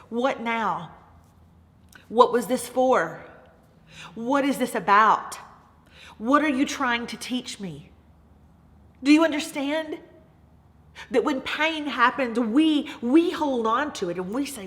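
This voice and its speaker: A woman's voice: fairly high pitch, in a large hall. Emphatic woman giving a faith talk. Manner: emphatic and repetitive, calls listeners "baby". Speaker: Bible study teacher. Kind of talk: faith-based motivational talk.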